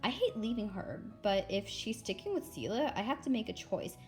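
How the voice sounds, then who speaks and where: A woman's voice: fairly high pitch, big pitch swings, moderate pace, soft background music. A woman reading a middle-grade novel aloud, telling it expressively in the first person as a young girl. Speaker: read-aloud narrator.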